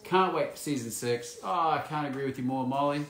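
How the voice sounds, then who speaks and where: A man's voice: a little high, brisk, fairly bright tone. A man chatting casually and playfully while signing autographs and reading fan messages aloud. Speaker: actor signing autographs for fans. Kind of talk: casual live signing chat. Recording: roomy echo.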